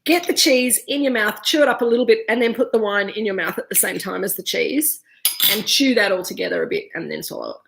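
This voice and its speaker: A woman's voice: medium pitch, quick pace, vocal fry, fairly bright tone. A woman leading a casual live wine tasting class, chatting freely while chewing cheese. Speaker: winemaker leading a virtual tasting.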